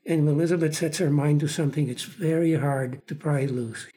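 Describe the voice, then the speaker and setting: Older man telling backstage stories, warm tone. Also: on the high side, a little fast. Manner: animated, acts out other people's lines. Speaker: theater producer recounting his career. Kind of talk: anecdotal storytelling in an interview.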